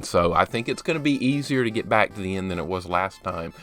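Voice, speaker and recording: A man's voice: low voice, lively intonation, fairly quick, few pauses, fairly bright tone, soft background music. A man streaming a video game live, chatting casually, greeting viewers by name and poking fun at himself. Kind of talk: casual live gameplay commentary.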